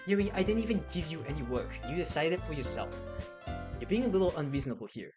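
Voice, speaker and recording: A man voicing a composed young woman who leads a club and speaks calmly and reasonably. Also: a little high, fast, over music.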